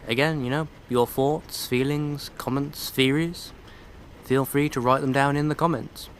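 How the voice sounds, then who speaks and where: Man, let's play commentary, casual, sarcastic, irreverent, mid-pitched, faint background noise. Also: steady tone, unhurried. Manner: sarcastic, irreverent, mocking asides.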